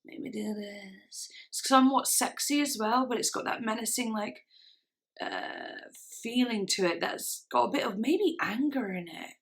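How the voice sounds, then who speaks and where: A woman's voice: on the high side, normal speed. A woman giving casual reaction commentary on songs, gushing and enthusiastic as she talks. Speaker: music reaction vlogger.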